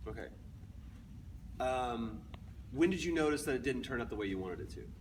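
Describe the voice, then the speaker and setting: A man's voice: medium pitch, lively intonation, normal speed. A man in his early forties speaking to a live convention audience, jokey and then earnest. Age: early 40s. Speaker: convention panel guest. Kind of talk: live panel talk to an audience. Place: large convention hall. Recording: distant mic in a noisy hall.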